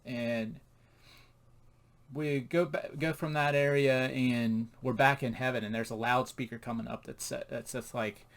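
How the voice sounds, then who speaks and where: A man's voice: mid-range voice, steady tone, a little slow, gravelly. A man casually reviewing a comic book, rambling and laughing at its jokes.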